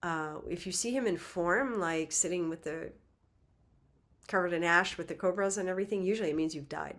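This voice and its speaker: Woman spiritual teacher telling a myth, chatty and lively, slightly low voice. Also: a little fast. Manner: lively, conversational, with laughs and asides. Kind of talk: casual storytelling lecture.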